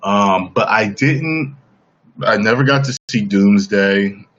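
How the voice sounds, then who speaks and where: Deep-voiced man on a casual stream. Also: takes it slowly, fairly bright tone, highs cut off. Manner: emphatic, keeps asking "okay?". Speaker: livestream host. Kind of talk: casual livestream chat.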